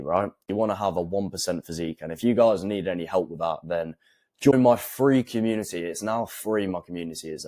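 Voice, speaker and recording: Deep-voiced man coaching calmly. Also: no echo. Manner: calm, deliberate, with pauses for emphasis. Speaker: fitness and self-improvement coach. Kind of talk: direct-to-camera advice talk.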